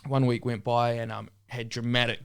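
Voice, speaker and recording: A young man from New Zealand, a podcast guest in a relaxed casual chat, often saying "man" and "bro". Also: mid-range voice, moderate pace, creaky, clean tone. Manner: laid-back, says "man" and "bro" often.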